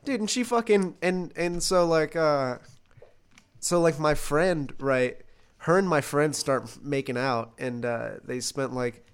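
A man's voice: on the high side, slow pace, clean tone. A young man co-hosting a podcast, telling a rambling, profane story in casual chat and breaking into laughter. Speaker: podcast co-host. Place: Los Angeles.

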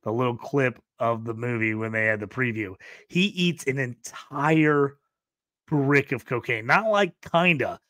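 A man's voice: medium pitch, lively intonation, unhurried, a bit bright, dry recording, studio quality. A middle-aged man hosting a casual movie-review podcast, animatedly retelling funny scenes. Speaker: podcast host.

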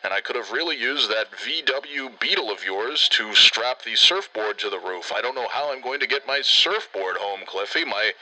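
A man's voice: mid-range voice, lively intonation, moderate pace, few pauses, bright, forceful tone, low-quality recording. A man voicing a self-absorbed uncle who rambles and complains. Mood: complaining. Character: whiny self-absorbed middle-aged uncle.

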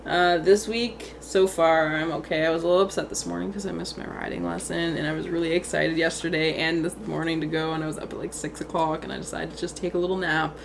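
A woman's voice: low-pitched, fairly even intonation, quick pace, vocal fry, few pauses, background noise. A young woman from Canada co-hosting a podcast in casual chat, telling rambling stories, giggling often and swearing freely. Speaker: podcast co-host.

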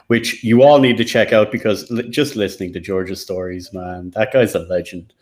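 A man's voice: fairly even intonation, moderate pace, darkish tone. A man co-hosting a casual gaming podcast, talking with enthusiasm and acting out quoted reactions. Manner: enthusiastic, acts out quotes with pitch jumps. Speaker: co-host.

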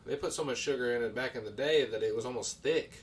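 A man's voice: mid-range voice, fast talker, distant mic. A man from the United States co-hosting a podcast, bantering in a crude, joking way with plenty of swearing. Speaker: podcast co-host. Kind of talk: casual chat.

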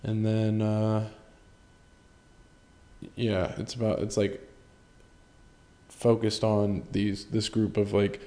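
A man's voice: on the low side, monotone, takes it slowly, pauses often, mellow. A man hosting a solo podcast in casual chat, rambling, swearing freely and joking at his own expense. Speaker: podcast host.

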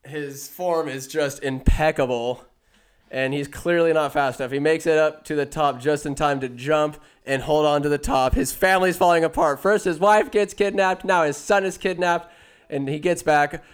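A man's voice: fairly high pitch, normal speed, smooth. A man giving a casual, rambling, jokey recap of a movie, often interrupting himself.

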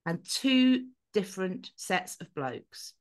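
A woman co-hosting a podcast, telling a story in an animated, sweary, casual way. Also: medium pitch, takes it slowly. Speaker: podcast co-host. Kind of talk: casual chat.

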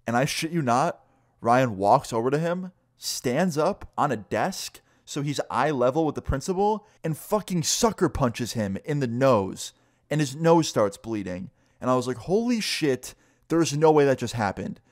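A man's voice: mid-range voice, lively intonation, normal speed, dry recording, clean studio sound. A young man casually telling a story, rambling with lots of "like" and swearing freely. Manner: loose, profane, full of "like".

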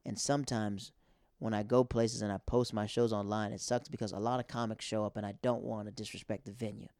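A man's voice: on the low side, level tone, brisk, a little mellow, no room sound. A young man hosting a podcast, a stand-up comic telling stories in a rambling, conversational way. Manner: rambling, conversational, filler-heavy. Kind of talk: casual monologue.

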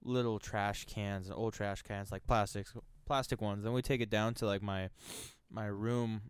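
A young man guesting on a casual podcast, excitable and slangy, laughing often. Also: lowish voice, moderate pace, smooth, dry recording. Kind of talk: casual chat.

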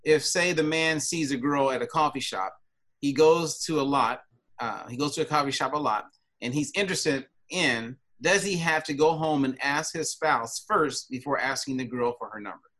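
A man's voice: mid-range voice, moderate pace. A man hosting a casual podcast, asking curious, rambling questions and reading out listener questions. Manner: curious, lively questions, laughs easily. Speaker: podcast host.

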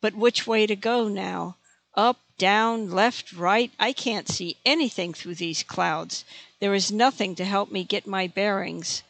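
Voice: medium pitch, a little slow, gravelly, a bit bright. A narrator voicing a disoriented female dragon who is thinking anxiously to herself. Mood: lost. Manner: anxious inner thoughts.

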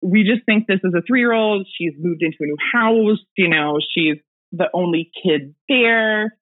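Speaking at a mid-range pitch and an easy pace, a woman guest casually recounts her own ghost story, full of filler words and little laughs. She comes through a remote call with tinny, phone-like sound.

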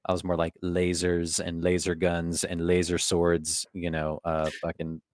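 A man's voice: deep voice, monotone, a little slow, a little mellow, dry recording, studio quality. A man co-hosting a film podcast, talking loosely and chattily and swearing casually. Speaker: podcast co-host. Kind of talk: casual film-review chat.

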